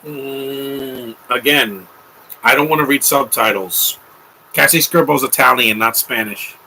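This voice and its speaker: A man's voice: mid-range voice, unhurried, vocal fry, pushed and bright, slight background noise, poor audio. A young man hosting a live movie commentary, talking in an offhand, rambling way with opinionated asides.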